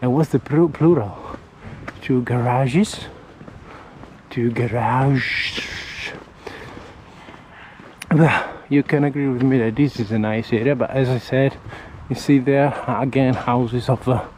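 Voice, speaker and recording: A man in the middle pitch range gives a casual walking vlog in a loose, friendly ramble. He trips over words and starts again as he points at houses and gardens. Passing cars and street noise sit clearly behind him outdoors. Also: fairly even intonation, slow pace, long pauses, a little mellow, rough recording. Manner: rambling, chatty, friendly, often restarts. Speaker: vlogger. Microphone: handheld camera while walking.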